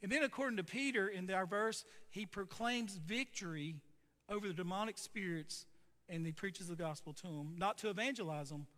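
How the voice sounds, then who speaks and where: High bright-voiced preacher in a reverberant hall. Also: male voice, normal speed. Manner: storytelling preacher, conversational asides. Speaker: pastor. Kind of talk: sermon.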